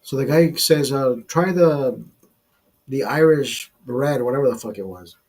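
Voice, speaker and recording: A livestream host with a mid-range, darkish voice speaks at a measured pace during a casual drinking stream. He tells his viewers a rambling, profane bar story.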